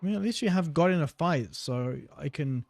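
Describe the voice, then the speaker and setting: A man's voice: a little high, expressive, brisk, vocal fry, a little mellow, dry recording. A man giving casual, offhand let's-play commentary with dry jokes. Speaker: gameplay commentator.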